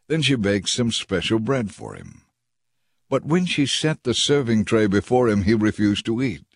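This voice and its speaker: A man reading a scripted story aloud in a steady, measured storytelling manner. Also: on the low side, no echo. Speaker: narrator. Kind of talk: scripted audiobook narration. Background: background music.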